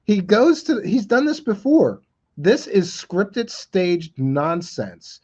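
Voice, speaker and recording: A man's voice: high-pitched, big pitch swings, slow, a little mellow, husky. A male host giving sarcastic, scornful commentary on a played clip. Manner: mocking, scornful. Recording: slightly dull lo-fi audio.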